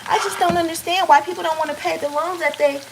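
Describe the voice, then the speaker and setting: A woman putting on the voice of a whiny, disapproving woman who scolds people for not repaying loans, in a mocking, high singsong. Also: fairly even intonation, quick pace, background noise. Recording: frying sizzle in kitchen.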